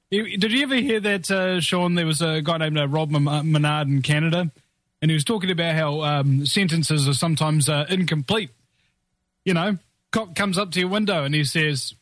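A man's voice: fairly high pitch, fairly bright tone, no room sound. A man hosting a casual talk show, rambling through wry, jokey asides. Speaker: host. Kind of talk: casual podcast chat.

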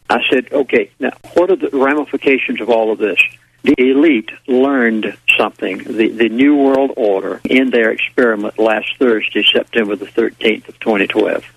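A man hosting a talk radio show, lecturing emphatically and slowing down to stress his points. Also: medium pitch, creaky. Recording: dull lo-fi radio audio.

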